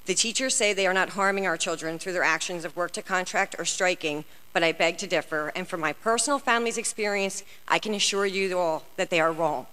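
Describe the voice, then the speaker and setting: A woman's voice: lowish voice, brisk, few pauses, pushed and bright, clean tone. A woman giving an emotional, earnest prepared comment as a parent at a public school board meeting. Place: large meeting hall. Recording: long hall reverb.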